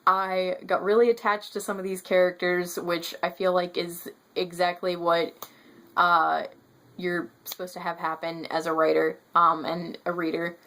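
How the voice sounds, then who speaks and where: A woman's voice: on the low side, little pitch movement, unhurried, fairly bright tone. A woman talking casually to camera in a book review vlog, rambling, correcting herself and turning emphatic when annoyed. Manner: gestures with her hands while talking. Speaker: book vlogger.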